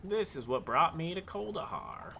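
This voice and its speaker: A man's voice: fairly high pitch, very animated, moderate pace, gravelly, sharp tone, slight background noise, pitched above the performer's own voice, full character voice. A man voicing an aloof, reclusive old male wizard in a put-on Southern drawl for a video game let's play. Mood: haughty. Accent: put-on American Southern.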